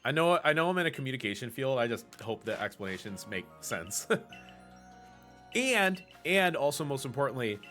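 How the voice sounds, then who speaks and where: A man's voice: mid-range voice, sing-song, normal speed, bright, forceful tone, soft background music. A man from the Pacific Northwest explaining game routing at length during a live speedrun stream, with fillers and self-corrections. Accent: American, Pacific Northwest. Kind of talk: casual live-stream commentary while gaming.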